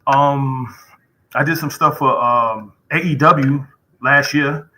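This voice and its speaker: A man's voice: mid-range voice, slow pace, pushed and bright, low-quality recording. A man chatting as a podcast guest, laid-back and rambling, with street slang. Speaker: podcast guest, truck driver. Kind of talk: casual chat.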